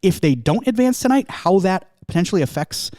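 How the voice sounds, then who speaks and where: A man's voice: sits high, very animated, fairly quick, a little mellow, no room sound, studio quality. A man hosting a podcast, rambling through a casual chat with fillers and self-deprecating asides. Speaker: podcast host.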